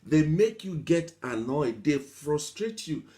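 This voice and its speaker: A man's voice: on the high side, big pitch swings, slow, mellow. A man giving a motivational talk, stacking up long repetitive lists of examples, mimicking whiny complainers and laughing lightly between points. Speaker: motivational speaker.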